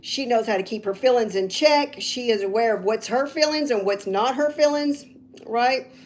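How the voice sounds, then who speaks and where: A woman reading tarot cards on a casual livestream, rambling and getting loud when she's excited. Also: fairly high pitch, moderate pace. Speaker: tarot reader.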